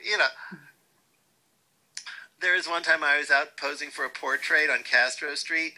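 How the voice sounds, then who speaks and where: Bright-voiced man telling wry anecdotes. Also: a little high, normal speed, poor audio. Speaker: interviewee. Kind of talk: storytelling interview.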